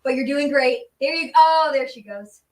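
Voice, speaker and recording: A woman improvising a comedy scene, playful and quick to switch into different voices. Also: high-pitched. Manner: playful, jumps between voices. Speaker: improv performer. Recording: roomy stage audio from a distance with faint noise.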